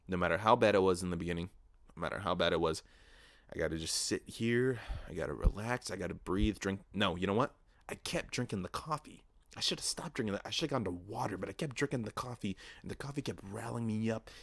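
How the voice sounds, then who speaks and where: Young guy rambling on his podcast, low voice, swears constantly, dead dry sound. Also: fast talker, dry recording. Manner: profane, animated ranting with mocking voices. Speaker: podcast host. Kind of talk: casual solo podcast rant. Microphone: podcast microphone.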